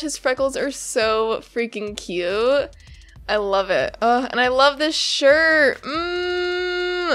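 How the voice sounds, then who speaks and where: A bubbly woman YouTuber with a notably high voice, gushing as she chats casually to her viewers. She giggles and restarts her sentences as she reacts to a webcomic, and faint music plays behind her. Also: a bit bright. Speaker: YouTuber host.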